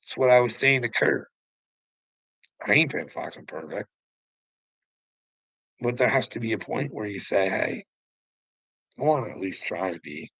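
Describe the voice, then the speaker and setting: Gravelly taunting man. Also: fairly low pitch, animated, measured pace, pauses often, a bit bright, dry recording, rough recording. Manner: taunting, preachy, swears, laughs mockingly. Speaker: channel host. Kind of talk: confrontational livestream rant.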